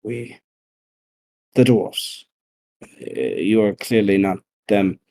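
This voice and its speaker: Wary weasel-creature, slow and formal, voiced plainly by a man. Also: on the low side, lively intonation, dark tone, exaggerated voice. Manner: halting, slow, formal phrasing. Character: wary weasel-folk creature speaking to strangers.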